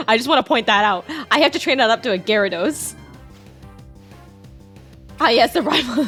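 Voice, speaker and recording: A woman's voice: fairly high pitch, lively intonation, normal speed, pauses often, a bit bright, soft background music. A young woman from Canada's west coast, streaming and chatting casually while gaming, giggly and rambling. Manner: giggly, rambling, lots of restarts and repeats.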